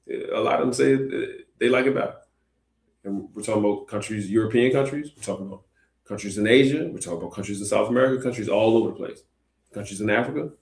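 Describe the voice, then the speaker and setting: A man's voice: on the low side, roomy sound. A man hosting a Christian discussion show, talking earnestly with many fillers and restarts. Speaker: host.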